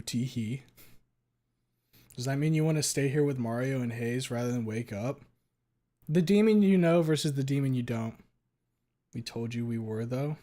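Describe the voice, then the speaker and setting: A man's voice: medium pitch, warm tone. Rambling, foul-mouthed male streamer. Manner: rambling, crude, heavy swearing, talks back to chat. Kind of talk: casual live-stream chat.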